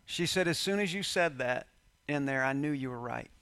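Bright-voiced man preaching a story. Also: medium pitch, normal speed. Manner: conversational preacher, quoting dialogue, laughing with congregation. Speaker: pastor. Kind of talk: sermon storytelling.

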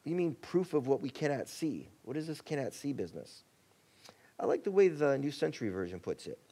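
A male pastor preaching a sermon in a conversational way, acting out quotes and shifting between excited bursts and quiet, soft passages. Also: fairly high pitch. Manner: conversational preaching, acts out quotes, rising and dropping to a hush.

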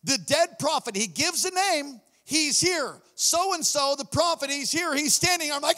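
A man preaching a sermon as pastor, animated, swinging between low murmurs and shouts. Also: measured pace, hardly any pauses. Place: church hall. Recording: long hall reverb.

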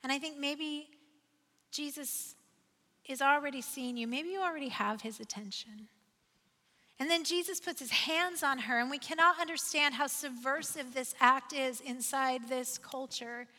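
Woman pastor preaching, real high bright voice, big echoey church hall. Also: unhurried. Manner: conversational, building to emphatic repeated refrains. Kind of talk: sermon.

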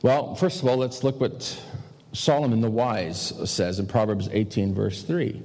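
A man's voice: fairly low pitch, measured pace, darkish tone, long reverb tail. A male pastor preaching a practical sermon in a conversational way, asking the congregation rhetorical questions. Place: church sanctuary.

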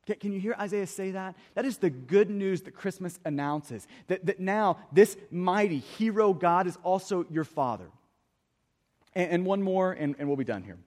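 A man's voice: sits high, darkish tone, long reverb tail. A man preaching a sermon as pastor, earnest, often repeating the first word of a phrase. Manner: earnest, repeats words when starting phrases. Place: church hall.

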